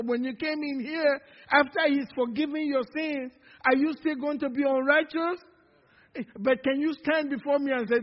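A man's voice: extremely high pitch, moderate pace. A male pastor preaching a sermon with call-and-response, stretching out words for emphasis. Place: church sanctuary. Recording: dull lo-fi sound in a reverberant church hall.

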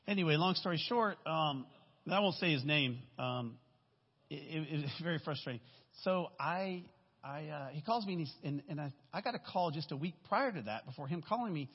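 A man's voice: fairly high pitch, lively intonation, moderate pace, husky. A man, a guest speaker, giving a candid, rambling testimony sermon in a church, often checking in with "right?". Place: church sanctuary. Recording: dull recording with long hall reverb.

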